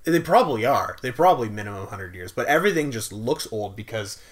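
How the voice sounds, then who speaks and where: Man from Canada, podcast co-host, relaxed casual chat, mid pitch with lively swings. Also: fast talker. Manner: relaxed, trailing off, swears casually.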